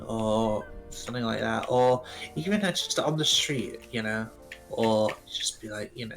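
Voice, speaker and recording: A man's voice: medium pitch, normal speed, fairly bright tone, soft background music. A man with a British accent, chatting casually and rambling a little on a gaming stream over voice chat. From Britain. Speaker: stream co-host. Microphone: home mic over voice chat.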